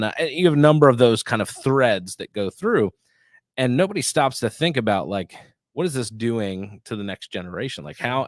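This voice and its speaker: A man in his thirties, co-hosting a casual studio chat and telling family stories, animated when he quotes his kids. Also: fairly low pitch, dry recording. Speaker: show co-host.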